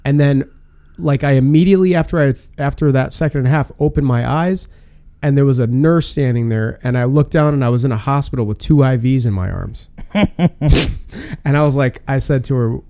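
Man, casual storyteller, rambling, animated, warm mellow voice. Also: medium pitch, brisk, creaky. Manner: rambling, animated retelling with filler words.

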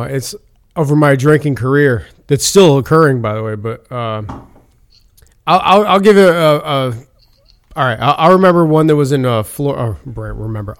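A man's voice: medium pitch, dry recording, clean studio sound. A man telling a rambling, profane drinking story in casual chat, with lots of restarts. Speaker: podcast co-host.

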